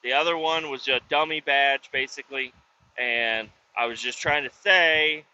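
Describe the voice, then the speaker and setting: A man's voice: fairly high pitch, moderate pace, bright, forceful tone, dull audio, a little hiss or hum. A man telling a work story in a profane, rambling casual vlog, with frequent restarts. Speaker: roadside service worker vlogging.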